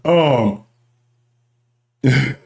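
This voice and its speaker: A man with a Houston accent hosting a live sports talk stream, ranting loudly and profanely while reading the chat. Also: mid-range voice, extremely slow, vocal fry, reverberant. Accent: Houston Texas. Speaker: sports talk show host.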